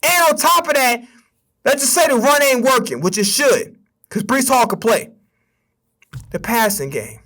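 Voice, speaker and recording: Man, young adult, sports streamer, bright edgy voice, cussing, heated rant. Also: very high-pitched, animated, a little slow, long pauses. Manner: profane, heated ranting. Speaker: streamer and sports podcast host. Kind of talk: casual sports rant on a livestream.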